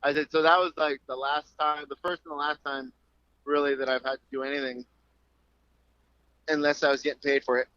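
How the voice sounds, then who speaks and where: A man in his thirties, an MMA fighter guest on a remote call, telling stories in an animated, profane way and acting out the voices in them. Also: fairly high pitch, fairly quick, long pauses, clean tone, no echo. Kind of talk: casual storytelling interview. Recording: dull call audio.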